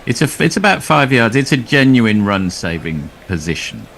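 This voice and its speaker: A man from Australia, commentating on cricket in a dry, wry, measured way. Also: medium pitch, very animated, a bit bright, a little hiss or hum. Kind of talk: laid-back cricket commentary.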